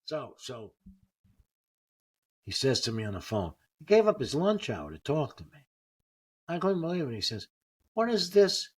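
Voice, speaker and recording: As a guest comedian, an older man from the United States shares personal stories in a casual, animated way, acting out other people's quotes. His voice is medium-pitched and slightly rough, with a moderate pace and frequent pauses.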